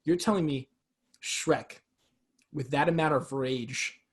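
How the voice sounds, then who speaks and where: A man's voice: on the high side, slow pace. A young man hosting a podcast, chatting casually in a joking, argumentative, teasing way. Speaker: podcast host. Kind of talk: casual chat.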